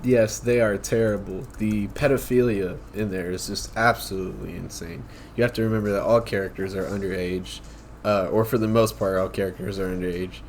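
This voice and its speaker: A man's voice: lowish voice, fairly even intonation, a little fast, darkish tone, a little hiss or hum. A young man co-hosting a casual podcast, speaking bluntly and emphatically. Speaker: podcast co-host. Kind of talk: casual chat.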